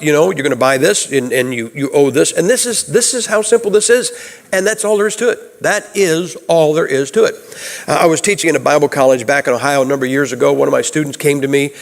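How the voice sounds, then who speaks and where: A Baptist preacher man delivers a homespun sermon, peppering it with questions to the congregation. His voice sits a little high for a man. The sound rings with the long reverb of a church sanctuary. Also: gravelly. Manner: folksy, conversational, asks the audience questions.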